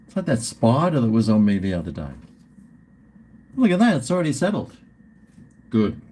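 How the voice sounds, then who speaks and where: A man's voice: mid-range voice, very animated, moderate pace, dark tone. A middle-aged Australian man hosting a live stream, rambling and swearing in casual banter with his viewers.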